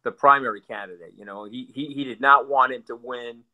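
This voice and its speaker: Man, political guest, blunt, sarcastic, repeats himself, bright forceful voice. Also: medium pitch, fairly quick. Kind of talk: animated political talk.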